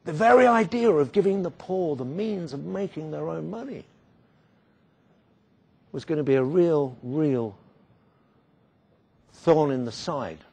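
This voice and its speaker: A man giving a storytelling speech with wry humour and dramatic pauses. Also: a little high, lively intonation, gravelly, darkish tone, husky. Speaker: guest speaker.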